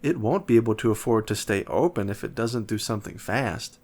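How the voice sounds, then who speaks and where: A man's voice: lowish voice, animated, a little fast, darkish tone. A man reading a bratty rich schoolgirl. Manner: snappy, boastful.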